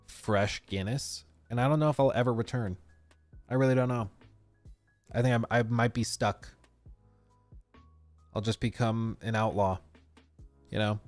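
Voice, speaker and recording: A man's voice: lowish voice, no echo. Rambling male streamer chatting with viewers. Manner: rambling, reacting to chat with frequent restarts. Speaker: live streamer. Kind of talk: casual chat reading viewer messages.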